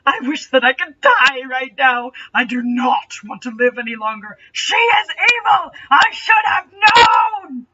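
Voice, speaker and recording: Woman reads as a tragic male elf prince, sobbing and theatrical, in a bright, slightly distant lo-fi take. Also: high-pitched, normal speed. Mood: despairing. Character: lovestruck male elf prince, melodramatic and weepy.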